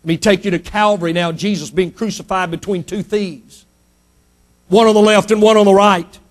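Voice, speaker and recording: A man preaching a sermon in a high voice for a man. He builds his points with emphatic repetition, falling quiet on key lines and then surging loud again. He addresses the congregation directly as a pastor. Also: steady tone, normal speed.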